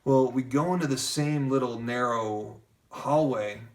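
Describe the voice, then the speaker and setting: Captured from a distant mic, a man with a mid-range voice and measured pace tells a personal story in casual conversation. A lively narrator, he keeps acting out what other people said.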